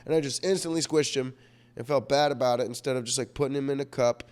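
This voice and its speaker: A man's voice: medium pitch, fast, a little mellow, clear, resonant tone. A young man telling a rambling personal story in a vlog, profane and self-mocking, full of fillers, and sick. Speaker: vlogger.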